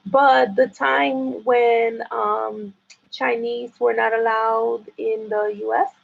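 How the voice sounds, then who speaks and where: A woman guest in a casual chat who talks in halting bursts with many restarts and likes to tease. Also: on the high side, flat delivery, gravelly. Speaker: interview guest. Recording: dull lo-fi sound.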